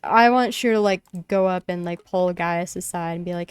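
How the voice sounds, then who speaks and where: Young woman streamer rambling about her d&d session, smooth clear voice, lots of likes and ums. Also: lowish voice, a little fast, few pauses, no echo. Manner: rambling storytelling, many fillers. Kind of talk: casual chat while gaming.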